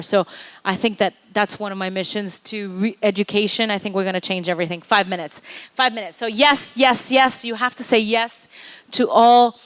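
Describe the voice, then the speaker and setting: A woman chef speaking at a live event, telling her story in a candid, lively way, swearing often and laughing. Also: medium pitch. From Latin America. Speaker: chef giving a talk. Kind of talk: personal story talk on stage. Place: event venue stage. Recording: echoey hall, speaker far from the mic.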